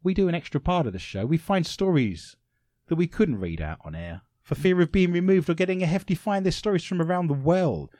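A man's voice: on the high side, expressive, a little fast, dark tone, no room sound. A man with an English accent hosting a radio show in a studio, talking playfully and laughing often. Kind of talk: casual radio chat. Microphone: studio microphone.

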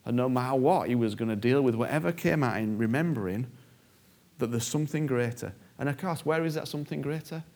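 This sermon comes from a man whose medium-pitched voice is brisk and somewhat dark in tone. He preaches emphatically, repeating key phrases for stress and acting out prayers.

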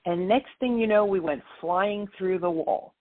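Husky-voiced woman telling a story. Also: mid-range voice, measured pace. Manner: animated storyteller, quotes voices. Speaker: author and guest. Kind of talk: storytelling interview. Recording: tinny phone line.

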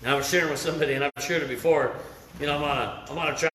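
A man's voice: fairly high pitch, steady tone, very fast, a bit bright, echoey room, slight background noise. A middle-aged man preaching a sermon at a camp meeting, telling personal stories in a conversational way and often asking "right?". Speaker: lay preacher.

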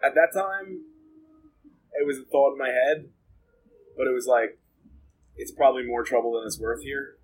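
A man's voice: medium pitch, fairly even intonation, moderate pace, pauses often, a little hiss or hum, rough recording. Blunt, profane man telling his story. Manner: blunt, profane, rambling with many "like" fillers. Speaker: interview guest. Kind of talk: candid storytelling about jail and addiction.

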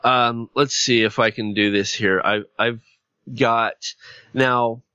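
A man hosting a podcast interview, talking plainly and a bit haltingly. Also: mid-range voice, steady tone, sharp tone, smooth, dry recording, lo-fi sound. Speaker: podcast network host.

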